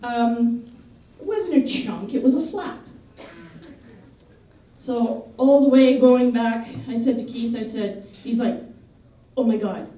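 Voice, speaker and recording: A woman giving a memorial eulogy, telling funny, lively anecdotes about the people she remembers. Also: fairly high pitch, slow, muffled recording. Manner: lively, humorous storytelling. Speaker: eulogy speaker. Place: memorial service hall. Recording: echoey hall, voice from a distance.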